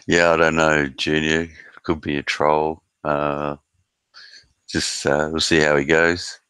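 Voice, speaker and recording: A man's voice: very deep voice, pushed and bright, smooth, dry recording. An Australian man hosting a live stream, chatting casually with viewers and swearing freely in a laid-back way. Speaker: live stream host reading chat. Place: at home in South Australia.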